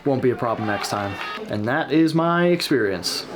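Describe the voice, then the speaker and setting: A man's voice: medium pitch, lively intonation, normal speed, over music. A man hosting a casual reaction video, talking candidly and self-deprecatingly about his own match footage.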